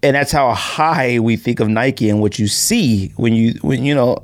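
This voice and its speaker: A man's voice: mid-range voice, moderate pace. A man hosting a sneaker podcast, talking casually in a rambling, joking, storytelling way. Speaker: podcast host.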